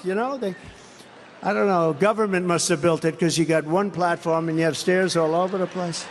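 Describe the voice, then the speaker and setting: A man's voice: high voice, steady tone, normal speed. A man giving a sarcastic, repetitive rally speech, rambling from point to point. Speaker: political speaker at a rally. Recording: long reverb of a large venue, faint background noise.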